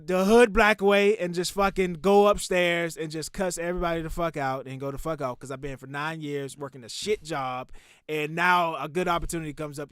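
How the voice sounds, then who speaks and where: A young man hosting a podcast, telling a long story in a loud, profane, animated way that drops to muttering. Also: fairly high pitch, smooth, no echo, studio quality. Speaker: podcast host.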